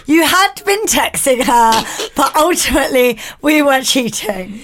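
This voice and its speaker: A tipsy woman from Hertfordshire co-hosting a podcast, loud and boisterous, swearing and laughing. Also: sits high, lively intonation, a little slow, a little hiss or hum. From Hertfordshire, England. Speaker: podcast co-host. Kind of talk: casual chat.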